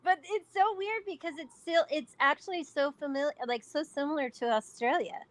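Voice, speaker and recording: A woman's voice: sits high, brisk, fairly bright tone, a little hiss or hum. A woman hosting a live chat, bubbly and chatty, often searching for words. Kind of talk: casual chat.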